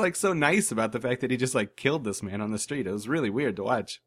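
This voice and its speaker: A man's voice: medium pitch, lively intonation, quick pace, hardly any pauses. A man co-hosting a podcast, chatting casually with dry, sarcastic humor. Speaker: podcast co-host. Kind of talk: casual chat.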